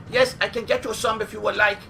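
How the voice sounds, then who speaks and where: A man's voice: sits high, vocal fry, pushed and bright, a little hiss or hum, exaggerated voice. A man putting on a sing-song mock accent, playing a pushy takeout waiter offering food.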